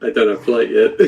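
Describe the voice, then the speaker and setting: A man playing a tabletop game, thinking aloud in an unhurried way. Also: medium pitch, mellow, rough recording. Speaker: player. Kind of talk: casual tabletop play.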